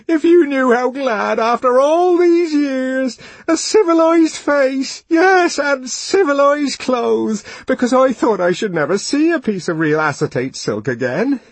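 A man voicing a stout aging woman who gushes in a hoarse, sobbing torrent of words. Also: very high-pitched, very animated, moderate pace, dry recording, voice pushed up, heavily acted. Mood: tearful gushing.

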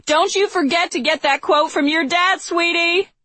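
A woman voicing an excitable middle-aged mother who calls out teasingly in a high, sing-song voice. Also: slow pace, dry recording, heavily acted.

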